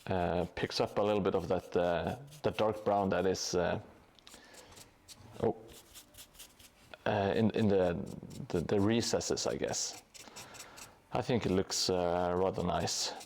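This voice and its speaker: A man's voice: low-pitched, steady tone, takes it slowly, vocal fry, a little mellow, a little hiss or hum. A man live-streaming his terrain painting in a casual, hesitant way, with many fillers and restarts. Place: home hobby room above a gym.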